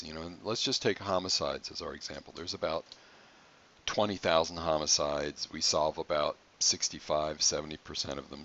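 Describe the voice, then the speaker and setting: A man with a very low, deep voice talks through an online college lecture. He keeps it conversational, drops in wry asides and hammers home key points by repeating them. The recording is slightly dull and lo-fi. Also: fairly bright tone. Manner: conversational, joking asides, emphatic repetition. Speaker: college instructor.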